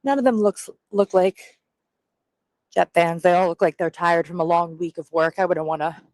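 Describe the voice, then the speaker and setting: On a rough recording with no echo, a woman contestant rings in live from a wet city street. Her voice is lowish and darkish, held steady at a normal speed, though she comes across as hesitant and self-conscious, laughing nervously as she talks.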